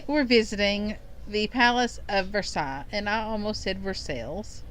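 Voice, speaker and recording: A woman's voice: mid-range voice, normal speed, a bit bright, rough recording. A woman from Kentucky, co-hosting a podcast and recounting a story in a rambling, casual way with frequent ums. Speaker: podcast co-host.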